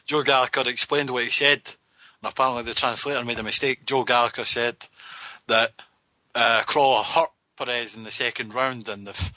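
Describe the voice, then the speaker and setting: A man's voice: mid-range voice, fairly even intonation, normal speed, sharp tone, dry recording, poor audio. A man co-hosting a casual podcast chat, explaining what he has heard and cutting in. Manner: explanatory, interjecting. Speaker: podcast co-host.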